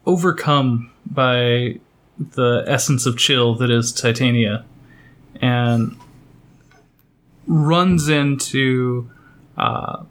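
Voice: mid-range voice, drawn-out words, pauses often. A player in a tabletop game describing their character's actions in a laid-back, amused way. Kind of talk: casual tabletop play.

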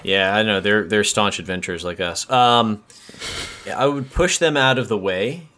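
Low, bright-voiced jokey man. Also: moderate pace. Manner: jokey, playful, fillers. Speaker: player. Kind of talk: casual tabletop game play.

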